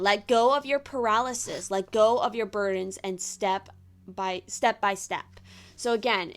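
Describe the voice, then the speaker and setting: A woman's voice: mid-range voice, fairly bright tone. A young woman reads tarot cards aloud for her viewers in a casual, chatty way. She moves between card texts and loose asides full of "you know.". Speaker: tarot reader.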